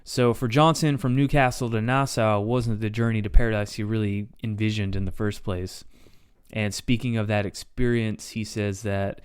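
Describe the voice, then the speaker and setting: A man's voice: lowish voice, steady tone, normal speed, smooth, no room sound, clean studio sound. A man hosting a podcast, telling history in a loose, conversational way with fillers. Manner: loose and conversational, reads quotes aloud. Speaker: podcast host. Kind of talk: casual history narration.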